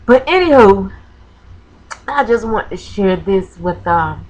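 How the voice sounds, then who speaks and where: A woman from Florida with a lowish voice talks to her viewers in a craft vlog. She halts often with ums and corrects herself. She sounds emotional, on the edge of tears. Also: unhurried, darkish tone, dull audio. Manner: hesitant, with many ums and self-corrections. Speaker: crafting vlogger. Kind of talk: personal storytelling vlog.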